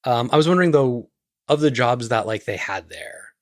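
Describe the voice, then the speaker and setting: A man's voice: medium pitch, lively intonation, normal speed, no echo, studio quality. A man co-hosting a podcast in casual chat, stammering and restarting as he rants. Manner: stammers and restarts while ranting. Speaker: podcast co-host.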